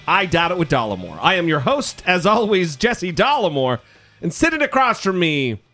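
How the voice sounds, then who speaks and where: A man's voice: high voice, sing-song, normal speed, sharp tone, soft background music. A man hosting a casual comedy podcast, joking, teasing his co-host and swearing freely.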